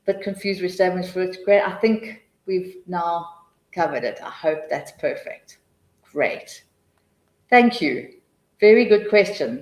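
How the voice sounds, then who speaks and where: A woman presenting a live teacher-training webinar, chatty and full of restarts, muttering quiet asides to herself as she clicks between slides. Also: fairly low pitch, measured pace, reverberant, poor audio.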